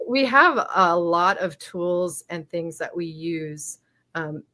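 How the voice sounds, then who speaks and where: Encouraging woman podcast host, lowish voice. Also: lively intonation, takes it slowly, sharp tone. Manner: encouraging, reflective, with filler restarts. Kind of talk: casual podcast conversation.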